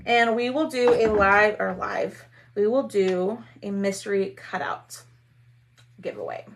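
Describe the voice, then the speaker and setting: A woman's voice: mid-range voice, expressive, measured pace, vocal fry. A woman hosting a casual craft live stream, chatting with viewers while she works. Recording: faint background noise.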